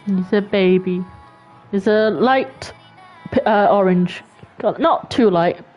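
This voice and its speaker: A woman's voice: mid-range voice, slow pace, dull audio, soft background music. A woman streaming a game, chatting casually and talking fondly to her cat. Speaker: gaming streamer. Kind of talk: casual gameplay chat.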